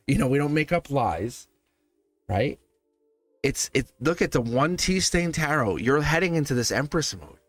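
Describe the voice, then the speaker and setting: A man's voice: mid-range voice, expressive, unhurried, fairly bright tone, no room sound, faint music behind. A man giving a live tarot reading to his viewers, talking animatedly, acting out quoted voices and laughing often. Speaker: tarot reader.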